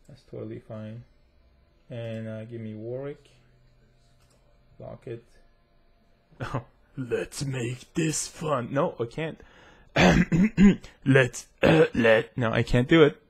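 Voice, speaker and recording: A man's voice: mid-range voice, creaky, darkish tone. A man with a self-described accent giving chatty, rambling commentary to his viewers while he plays and tests a game. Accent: non-native accent, self-described. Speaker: gaming tech reviewer. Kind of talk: casual gameplay commentary.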